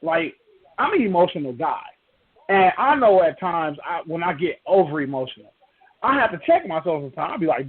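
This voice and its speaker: High-voiced man on a tinny line. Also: sing-song, a little fast. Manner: rambling and emphatic, many fillers and restarts. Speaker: sports talk podcast host. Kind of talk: casual sports banter. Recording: tinny phone-like podcast audio.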